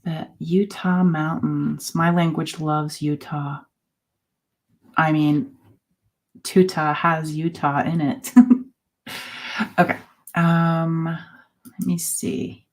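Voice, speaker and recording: A woman in her forties hosting a casual live chat, talking in a halting way with many fillers and soft laughs. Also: low voice, steady tone. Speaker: host.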